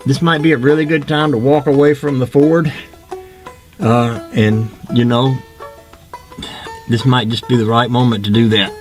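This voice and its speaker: A man's voice: medium pitch, steady tone, normal speed, long pauses, faint music behind. A man chatting casually to the camera in a folksy, wry way while working on his car at home. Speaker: home car mechanic vlogger.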